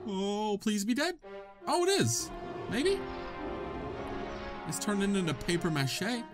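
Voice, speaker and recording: A young man giving excitable, joking let's-play commentary, talking to the game, laughing and swearing as he plays. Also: sits high, slow. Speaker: gaming channel host. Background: game music.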